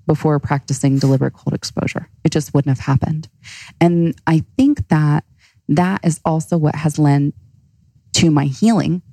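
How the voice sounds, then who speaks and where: Deep gravelly earnest woman coach. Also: dark tone, no echo, poor audio. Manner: earnest, reflective, restarts phrases. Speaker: ice bath coach. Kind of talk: casual interview talk.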